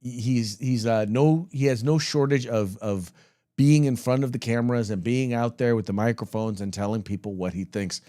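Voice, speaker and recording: A man hosting a political talk show, chatting loosely and searching for words, then reading the sponsors briskly. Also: medium pitch, warm tone, dry recording, clean studio sound. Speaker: podcast host. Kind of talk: casual political commentary.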